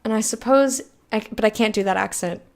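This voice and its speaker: A woman's voice: medium pitch, fairly quick, creaky. A woman streaming a game, reading its text aloud and chatting frankly with viewers, swearing freely. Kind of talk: casual let's-play chat, reading game text aloud.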